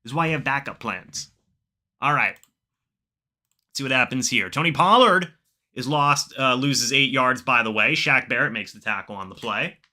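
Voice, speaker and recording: A man hosting a live reaction stream, calling the plays himself and chatting with viewers. He gets excited during plays and mutters quietly in the asides. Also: mid-range voice, moderate pace. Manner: excitable, bursts up when plays happen, then mutters asides. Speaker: live stream host doing play-by-play. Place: home, watching the game on screen.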